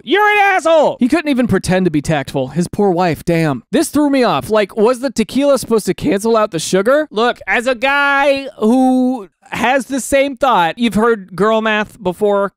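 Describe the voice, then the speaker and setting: A man riffs through comic commentary on online posts with a pitch that leaps all over the place. He rants in mock exasperation and slips into goofy quoted voices. The sound is close and dry, with no room around it. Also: dry recording. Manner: animated, ranting, mock-exasperated; drops into silly quoted voices. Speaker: comedy commentator.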